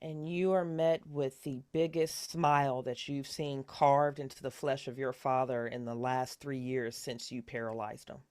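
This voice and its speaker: Woman game master, horror tabletop narration, calm measured pace, dry close mic. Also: a bass voice, no room sound.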